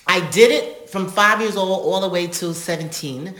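A woman's voice: lowish voice, normal speed. A middle-aged woman from North Carolina, an actress and singer, telling stories in an interview and acting out voices as she goes. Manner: animated, acts out voices in her stories, laughs often. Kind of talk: casual interview storytelling. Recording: echoey room.

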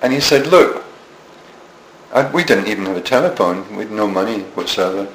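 Fast-talking and lively in intonation, this Scottish man in his 70s has a fairly low, somewhat bright voice. He tells interview stories that mock himself, with frequent restarts, in an echoey room carrying faint noise.

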